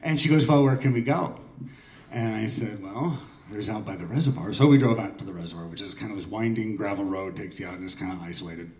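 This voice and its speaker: A man's voice: fairly low pitch, a little mellow. A man in his forties from Oregon, hosting an open mic and telling a casual, self-deprecating personal story with plenty of swearing. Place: small art gallery room. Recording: echoey room, mic far off.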